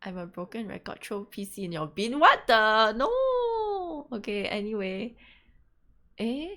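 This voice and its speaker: A woman's voice: medium pitch, moderate pace. A young woman hosting a casual live stream, flustered and laughing through technical trouble. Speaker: stream host.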